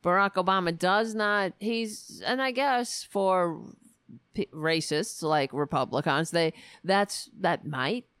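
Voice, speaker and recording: A woman's voice: lowish voice, takes it slowly, a bit bright, clear, resonant tone, no room sound, studio quality. Sarcastic, profane woman ranting. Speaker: political commentary host. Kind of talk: political commentary rant.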